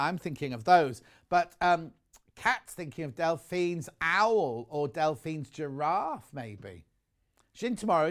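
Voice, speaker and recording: A man's voice: on the high side, fairly bright tone. A man presenting on a live shopping channel, chatty and enthusiastic, rambling into personal asides between prices.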